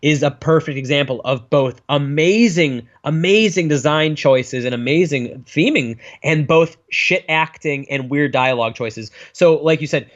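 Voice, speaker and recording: A man co-hosting a casual film review chat, animated and swearing freely. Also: on the high side, unhurried, hardly any pauses. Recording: dull lo-fi sound.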